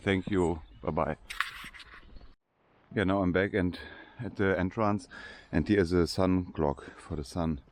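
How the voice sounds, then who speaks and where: A man's voice: low voice, fairly even intonation, a little slow. An older man with a German accent, chatting casually in unpolished English while walking through a large cemetery for his vlog. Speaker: vlogger.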